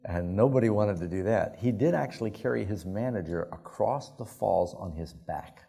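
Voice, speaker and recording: A man's voice: fairly low pitch, normal speed, gravelly, mellow, breathy edge. A male pastor preaching a sermon, telling anecdotes in a folksy, conversational way. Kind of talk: sermon storytelling.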